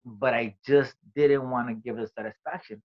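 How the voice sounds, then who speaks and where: A man in a relaxed interview tells his own story in loose, profane street talk. He drops in the lines other people said as he goes. The recording is a bit dull and lo-fi, and his voice sits in a middle register. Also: mid-range voice, normal speed. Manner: swearing, streetwise storytelling with quoted dialogue. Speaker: interview guest, comedian.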